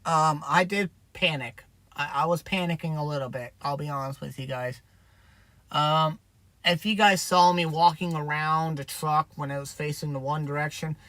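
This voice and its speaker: A man's voice: a little high, a bit bright, no echo, low-quality recording. A man, a truck driver, chatting candidly on a livestream and telling a story in a rambling way. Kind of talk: livestream chat.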